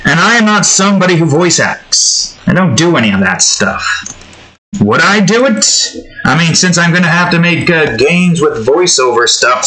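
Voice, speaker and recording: A man's voice: on the high side, sharp tone, rough recording. A man chatting casually while he draws, in a rambling, improvised and self-deprecating way. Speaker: YouTube artist. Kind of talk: casual commentary while drawing.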